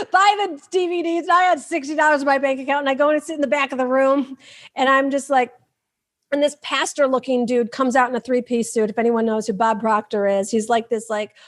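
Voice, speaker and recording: Woman from michigan telling her story as a guest, high voice, acts out the voices in her head. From Michigan, USA. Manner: lively, acts out inner voices and quotes. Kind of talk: animated personal storytelling.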